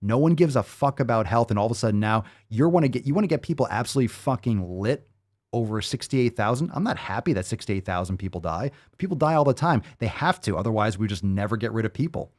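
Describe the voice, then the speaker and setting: A man's voice: mid-range voice, expressive, quick pace, a little mellow. A man hosting a fitness show, ranting in a heated, profane way. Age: adult, 30s or older. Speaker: host. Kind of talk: fitness podcast rant.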